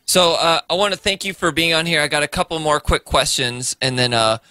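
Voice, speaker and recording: A man's voice: fairly high pitch, a little fast, sharp tone, smooth. A man hosting a podcast, asking questions in a friendly, easygoing way. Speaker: podcast host. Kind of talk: casual interview chat.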